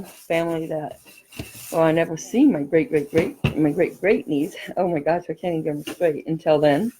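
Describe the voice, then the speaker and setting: Middle-aged California woman, rambling craft host, mellow voice, faint hiss behind. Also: deep voice, low-quality recording. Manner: rambling, laughs often, animated storytelling. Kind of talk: chatty crafting tutorial with stories.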